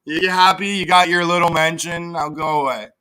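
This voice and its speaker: Streamer guy ranting at chat, sarcastic and sweary, pretty high bright voice. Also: steady tone, moderate pace, smooth. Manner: profane, sarcastic, reads chat aloud. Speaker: livestream host. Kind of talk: casual livestream rant.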